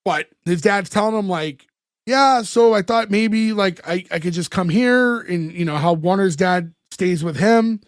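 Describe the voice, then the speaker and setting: A man co-hosting a podcast, recounting a sitcom episode in casual chat and acting out quick quotes from the scenes. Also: high-pitched, no room sound, studio quality. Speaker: podcast co-host.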